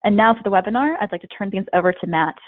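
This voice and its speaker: A woman's voice: medium pitch, racing, no echo. Woman hosting over a phone-like line. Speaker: webinar host. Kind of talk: reading guest introductions.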